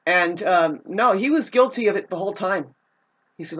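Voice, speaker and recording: A woman's voice: mid-range voice, lively intonation, normal speed, a bit bright, dull audio. A woman telling a personal grievance in a casual, rambling monologue, agitated and profane, with frequent restarts.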